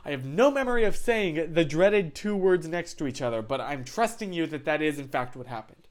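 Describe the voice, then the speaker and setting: A man from the United States holds casual live-stream chat, hopping from tangent to tangent. His voice sits a bit high for a man. He leans on fillers and restarts as he rambles. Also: animated, a little fast, slight background noise.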